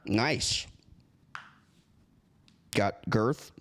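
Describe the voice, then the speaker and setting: A man's voice: on the low side, drawn-out words, fairly bright tone. A man making a prank call, earnest and rambling, keeping a straight face. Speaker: prank caller.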